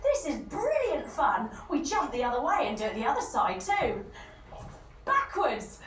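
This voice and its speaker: A woman's voice: sits high, huge pitch swings, moderate pace. A woman leading a children's yoga story at a day camp, telling it playfully and leading chants and movements. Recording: echoey room, distant mic, background noise.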